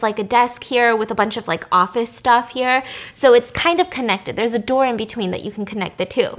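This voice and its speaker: A woman's voice: mid-range voice, fairly bright tone. A young woman casually recapping a drama, chatty and blunt, full of fillers and the odd swear word.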